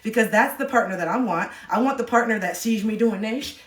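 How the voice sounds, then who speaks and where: A woman's voice: on the high side, fairly quick. A woman hosting a live stream, giving motivational talk in a candid, emphatic way and swearing freely. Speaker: livestream host. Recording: echoey room.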